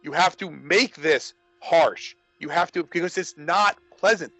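A man's voice: sits high, unhurried, hardly any pauses, pushed and bright, breathy edge, faint music behind, rough recording. A man talking casually about horror films, rambling with many restarts. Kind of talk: casual movie discussion.

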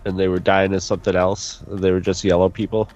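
A man co-hosting a podcast, chatting casually in a hesitant, halting way. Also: sits low, level tone, darkish tone, dull audio, faint music behind. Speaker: podcast co-host. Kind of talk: casual chat.

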